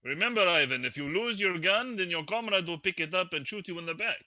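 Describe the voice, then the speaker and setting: A man putting on a gruff mock Russian soldier. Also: high-pitched, lively intonation, fairly quick, bright, forceful tone, highs cut off, pitched above the performer's own voice, heavily acted. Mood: mock stern. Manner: jokey, lecturing in a put-on accent.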